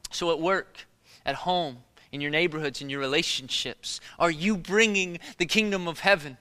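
High-voiced, bright, impassioned male preacher. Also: normal speed, clear, resonant tone. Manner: swings from loud exhortation to hushed storytelling; repetitive preaching cadence. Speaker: pastor. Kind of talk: sermon.

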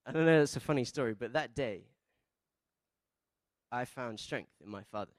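A man preaching a sermon, asking the congregation questions and calling for responses, shifting between soft asides and loud emphatic peaks. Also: mid-range voice, moderate pace, no echo. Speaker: pastor.

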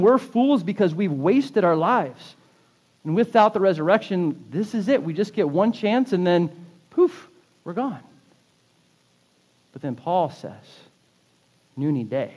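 A man delivers a sermon in a church, his fairly high voice full of fervor. He presses his points with swelling emphasis, then drops low for the quieter lines. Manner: impassioned preaching, rising and falling emphasis. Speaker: pastor. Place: church sanctuary.

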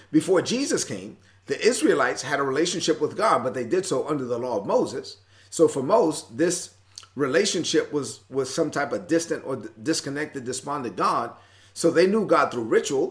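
A man preaching a sermon in a conversational way, working through a Bible passage and voicing the apostle's frustration with growing intensity. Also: medium pitch. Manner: conversational, acts out Paul's frustration, rising intensity. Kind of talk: sermon teaching from scripture.

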